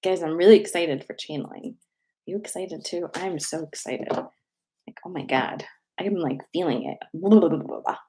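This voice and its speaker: Woman in her thirties, lowish voice, chatty and reassuring, casual swearing, spiritual livestream host. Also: moderate pace, mellow, slight background noise.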